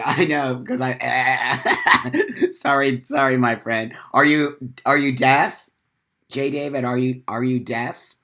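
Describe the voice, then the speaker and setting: A man's voice: medium pitch, a bit bright. A man hosting a casual morning livestream, reading viewer comments aloud and answering each viewer by name with firm opinions. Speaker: live stream host. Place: at home with coffee. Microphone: webcam or phone for live video.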